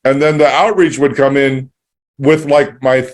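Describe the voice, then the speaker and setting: A man's voice: mid-range voice, fairly even intonation, measured pace. A man hosting a podcast, chatting casually and telling a rambling story with many restarts, acting out both sides of a conversation. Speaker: podcast host.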